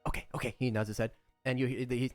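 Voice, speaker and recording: A man's voice: mid-range voice, level tone, fast, soft background music. Laid-back man running a tabletop game. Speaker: game master.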